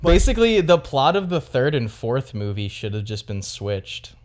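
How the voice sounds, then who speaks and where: A man's voice: mid-range voice, big pitch swings, normal speed. A young man co-hosting a casual film review podcast, joking, laughing often and arguing playfully. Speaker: podcast co-host.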